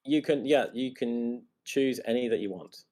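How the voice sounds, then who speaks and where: A man's voice: medium pitch, normal speed, darkish tone. A man demonstrating a tabletop board game, thinking aloud as he picks his gear and explains the rules to the other players.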